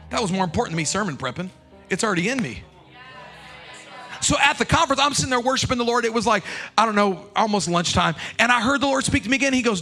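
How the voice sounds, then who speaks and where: A pastor preaches in a church with a high, bright, ringing voice. His delivery climbs into shouted, half-sung cadences, with soft music faint behind him. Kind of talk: sermon. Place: church sanctuary.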